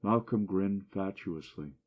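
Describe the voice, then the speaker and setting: A man's voice: deep voice, a little slow, lo-fi sound. A man reading a classic short story aloud as an audiobook, lifting his voice for the dialogue and dropping it for the narration.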